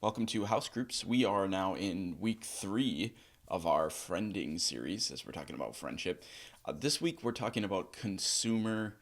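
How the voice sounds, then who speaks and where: A man with a low voice tells a story to his group in an earnest, lively way. His pitch rises and falls a lot. He pauses often to find his words. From United States. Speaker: pastor. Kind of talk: house group teaching talk.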